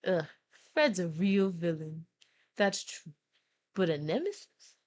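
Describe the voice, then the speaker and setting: A woman voicing a grumpy, theatrical male skeleton rival in a game, in a gruff put-on New York accent with a slow drawl. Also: on the low side, big pitch swings, darkish tone. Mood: blustering. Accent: attempted New York accent.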